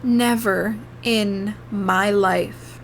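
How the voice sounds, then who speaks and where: A woman's voice: mid-range voice, fairly even intonation, very slow. Young adult woman, ASMR creator, casual storytime vlog: emotional, rambling, cursing, faint room noise.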